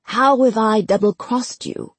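A woman voicing a smooth, scheming male spy master in a storybook, calm and unruffled. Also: on the high side, unhurried, dry recording.

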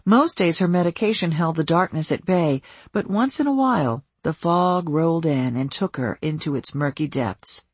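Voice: medium pitch, expressive, normal speed, few pauses, breathy edge, no echo. An audiobook narrator reading a suspense novel in scripted narration.

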